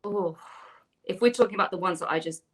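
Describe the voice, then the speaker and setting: Chatty actress on a video call. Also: female voice, medium pitch, fast talker. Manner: enthusiastic, chatty, rambling. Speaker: actress, panel guest. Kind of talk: casual interview over video call.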